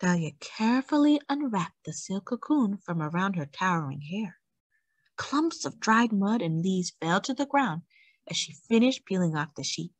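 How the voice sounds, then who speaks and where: A woman hosting storytime, reading a children's book aloud with expressive, animated storytelling. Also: mid-range voice, husky, no echo. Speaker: storytime host.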